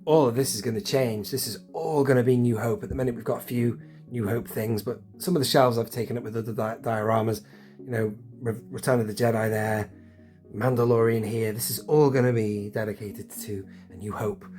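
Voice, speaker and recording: A man's voice: mid-range voice, steady tone, a little fast, a little mellow, soft background music. Chatty collector guy unboxing. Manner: chatty, enthusiastic, talks to himself while unboxing. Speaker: collector vlogger. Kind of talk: casual unboxing chat. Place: home collection room.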